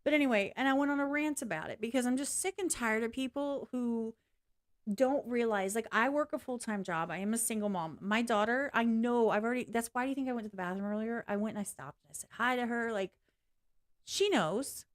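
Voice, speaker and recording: Her voice a little high and her pace fairly quick, a woman vents bluntly to her livestream audience. She swears without holding back and laughs throughout this casual, candid rant.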